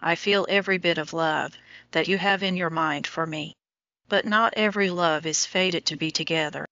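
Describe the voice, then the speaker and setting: A woman's voice: on the low side, moderate pace, sharp tone, no room sound. A woman reading an anxious, torn young woman. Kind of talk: audiobook dialogue reading. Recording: dull lo-fi audio.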